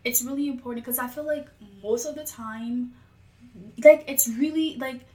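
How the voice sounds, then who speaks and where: A woman's voice: high-pitched, moderate pace, warm tone. A woman in casual conversation, telling a personal story with lots of filler words. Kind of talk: casual chat. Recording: echoey room with faint music.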